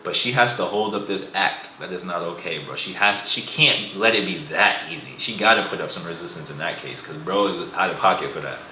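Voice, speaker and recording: Deep, forceful, slangy young man. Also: a little fast, few pauses, a little hiss or hum. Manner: slangy, says "bro" a lot. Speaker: dating advice creator. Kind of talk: casual vlog monologue. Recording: echoey room.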